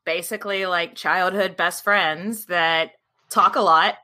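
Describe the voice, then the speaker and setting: A woman's voice: on the low side, fairly even intonation, measured pace, bright, forceful tone. A woman from Texas, a podcast guest, chatty and laughing as she tells stories. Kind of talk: casual podcast chat.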